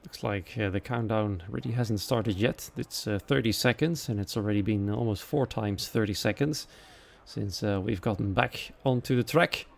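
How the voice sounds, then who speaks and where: Gravelly Dutch-accented race commentator. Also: male voice, lowish voice, moderate pace. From Netherlands. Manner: quiet and chatty while waiting, lively and louder once the race starts. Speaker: sim racing commentator.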